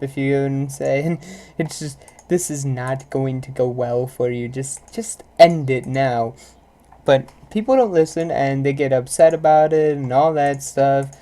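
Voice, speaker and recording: A woman's voice: extremely low pitch, normal speed, dark tone. A young woman vlogger ranting live about pet peeves, exasperated and rambling, full of "like" and "if you know what I'm saying". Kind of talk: live casual rant to viewers.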